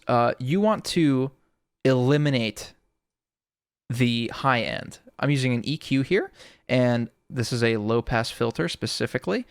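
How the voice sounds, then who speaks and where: A man's voice: mid-range voice, clear, resonant tone, no echo. A man giving a casual audio tutorial, explaining in a laid-back way with lots of "sort of", close to a studio microphone. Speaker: music producer explaining sound design.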